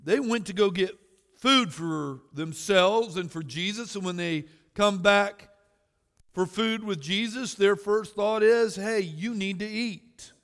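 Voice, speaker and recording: A man preaching a sermon as pastor, swinging from shouted exhortation to quiet storytelling. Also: high-pitched, slow, vocal fry. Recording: long hall reverb.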